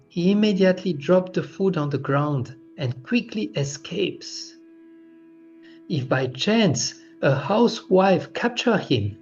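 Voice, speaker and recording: A man reading aloud gives the long complaint of exasperated village women in his own steady voice. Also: on the high side. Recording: dull lo-fi recording with faint music.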